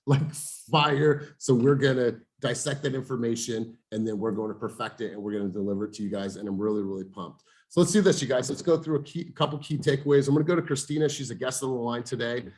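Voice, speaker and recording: An energetic man hosting a motivational coaching call over video, calling on each team member and saying "you guys" often. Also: medium pitch, fairly quick.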